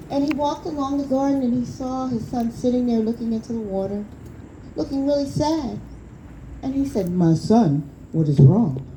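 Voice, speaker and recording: A woman telling a story live, speaking conversationally and addressing the audience directly. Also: fairly high pitch. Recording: live recording with audible background noise.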